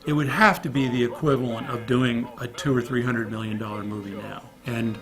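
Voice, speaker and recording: A man recalls his days on a film set in a relaxed interview. He tells it as a lively anecdote, bouncing into other people's voices as he quotes them, with his own voice sitting at an ordinary mid pitch. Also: a little fast, music in the background. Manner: animated storyteller acting out quoted voices. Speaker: film crew member recalling a production.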